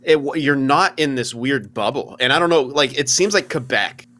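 A man's voice: medium pitch, normal speed, pushed and bright. A man co-hosting a casual sports chat, talking bluntly in rambling, profane bursts. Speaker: podcast co-host.

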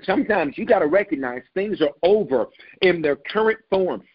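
A man's voice: high-pitched, lively intonation, normal speed, breathy edge, lo-fi sound. A man preaching a sermon as pastor, emphatic, repeating his key lines and calling on the listeners to hear him.

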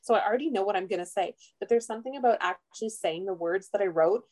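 A woman's voice: medium pitch, fast talker, a little mellow. A woman as a podcast guest in casual chat, laughing often and using "um" and "literally" a lot.

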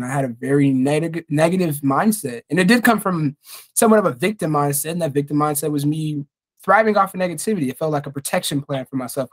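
A young man hosting a casual podcast, talking in an earnest, heartfelt way and swearing freely. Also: fairly high pitch. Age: young adult. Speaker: podcast host.

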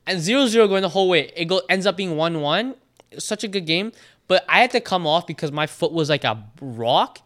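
A Canadian teenage soccer player telling animated stories in a casual podcast chat. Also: male voice, sits high, fairly quick. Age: teens. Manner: animated storyteller, quotes trash talk.

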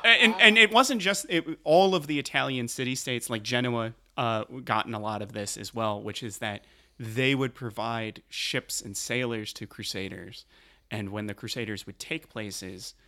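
A man co-hosting a comedy history podcast, explaining history in a halting, chatty way. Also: medium pitch, bright, forceful tone. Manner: explaining, halting, laughing often.

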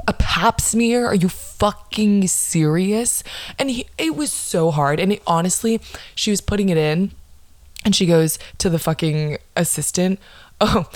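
A woman's voice: low voice, darkish tone, no echo. A young woman hosting a podcast, telling a story in a blunt, exasperated way and swearing constantly. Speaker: podcast host. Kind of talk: profane comedic storytelling monologue.

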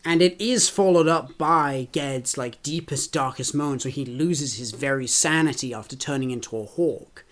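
Man, podcast co-host, eager and agreeable, restarts often, casual book chat. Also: on the high side. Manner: enthusiastic, affirming, stumbles over words.

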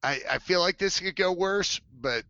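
A man in his forties tells a rambling story in casual chat, laughing and slipping into funny voices for the people he quotes. His voice is bright and a little high for a man. The sound is dull and dry, as if through a headset mic. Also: moderate pace, dry recording. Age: 40s. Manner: animated, laughing, acts out quotes in shifting voices. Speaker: former cheerleader telling a story.

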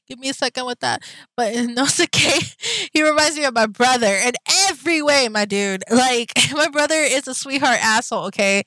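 A young woman vlogger talks in a loose, rambling way, full of slang and casual swearing. Her voice sits a little high, and the recording is dry with no room sound. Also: a bit bright, no room sound, rough recording. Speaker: anime vlogger. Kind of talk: casual chat.

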